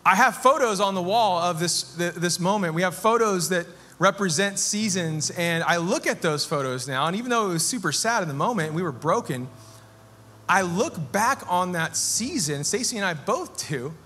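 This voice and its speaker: A man's voice: sits high, expressive, normal speed, pushed and bright, breathy edge. A man in his thirties preaching a sermon as pastor, earnest and building to fervent, repeated phrases. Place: church sanctuary. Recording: long church hall reverb with music behind.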